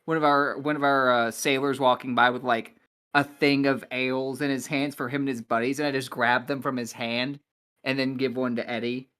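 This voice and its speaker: A player at a tabletop game, speaking in and out of character in a halting way, repeating and restarting words. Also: medium pitch, flat delivery, a bit bright, clean tone. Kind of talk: casual game-table talk and in-character speech.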